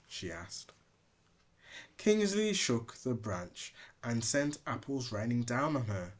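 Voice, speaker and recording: A man narrating a children's picture book aloud with expressive, dramatic storytelling. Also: medium pitch, slow. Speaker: father reading aloud.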